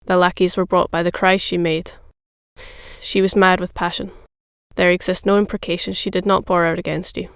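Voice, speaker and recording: A narrator voicing a frightened young chambermaid. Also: female voice, fairly low pitch, flat delivery, moderate pace, a bit bright, smooth, no room sound, studio quality. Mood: pleading. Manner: pleading.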